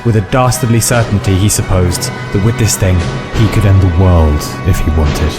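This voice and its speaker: A man's voice: low-pitched, moderate pace. A man narrating a scripted fantasy story in a wry, dramatic way. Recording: faint background music.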